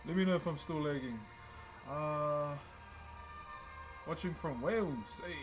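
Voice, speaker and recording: A young man with a New Zealand accent, hosting a relaxed livestream and greeting viewers by name while he carves wood. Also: on the high side, measured pace, music in the background, low-quality recording. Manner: laid-back, greets chat viewers by name. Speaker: livestream host. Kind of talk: casual livestream chat while wood carving.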